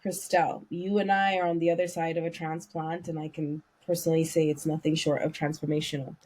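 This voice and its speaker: A woman co-hosting a podcast who talks in an effusive, affectionate, animated way and leads the conversation. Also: deep voice, a little fast. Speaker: podcast co-host.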